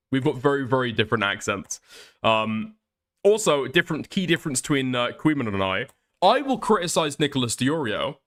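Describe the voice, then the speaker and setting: Sick with the flu, a man from Ireland streams live, reading chat and ranting with heavy swearing and plenty of laughter. His voice is medium-pitched and a bit bright.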